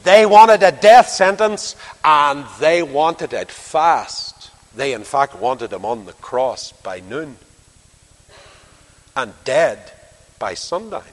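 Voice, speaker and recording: A man's voice: on the high side, animated, slow, in a large hall. A man preaching a sermon, dramatically acting out dialogue with rising and falling intensity.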